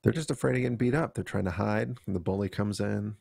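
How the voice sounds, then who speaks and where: A man's voice: lowish voice, fast, gravelly, darkish tone, breathy edge, no room sound, studio quality. A man co-hosting a podcast, joking and teasing in casual chat. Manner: wry, teasing banter. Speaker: podcast co-host.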